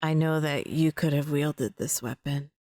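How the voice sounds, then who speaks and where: A devoted rogue, voiced by a woman, making tender, heartfelt declarations. Her voice sits low for a woman and sounds dry and close to the mic. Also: fairly even intonation, measured pace, mellow, no echo.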